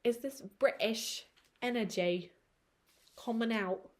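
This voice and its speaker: A woman's voice: fairly high pitch, slow pace. A woman with a tired throat giving a casual tarot reading to camera, chatty and rambling with frequent laughter. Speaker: tarot reader.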